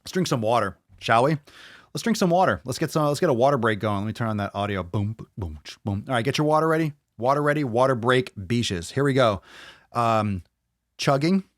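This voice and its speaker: A man hosting a live podcast, swearing constantly and ranting loudly between viewer comments. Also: mid-range voice, a little fast, no room sound, studio quality. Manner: swears constantly, loud and animated; reads viewer comments aloud. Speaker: podcast host. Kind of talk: profane live-stream rant.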